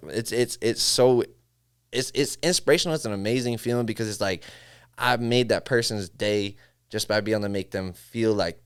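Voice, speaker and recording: On a podcast, a male music engineer from Syracuse, upstate New York, chats casually, his voice on the low side, clean in tone, and moderately paced. He's an animated storyteller who acts out studio conversations and says "bro" a lot.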